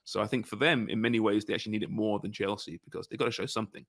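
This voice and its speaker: A man's voice: lowish voice, fairly even intonation, racing, vocal fry, fairly bright tone, dry recording, clean studio sound. A man hosting a casual sports betting podcast, talking conversationally and often tagging his points with "right?" and "you know". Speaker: podcast host.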